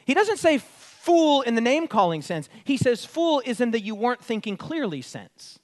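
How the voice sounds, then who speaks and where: A man's voice: very high voice, big pitch swings, moderate pace. A man preaching an expository sermon, teaching with emphatic quoted lines.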